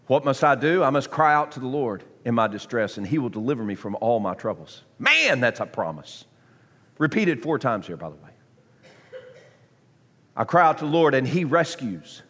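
A man preaching a sermon to a congregation, swinging from hushed tones to near-shouting. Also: mid-range voice, big pitch swings, moderate pace, long reverb tail. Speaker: pastor.

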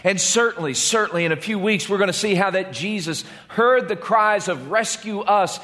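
A man's voice: high-pitched, normal speed, bright, forceful tone. A man preaching a sermon as pastor, in an impassioned, dramatic way. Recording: long reverb of a large hall.

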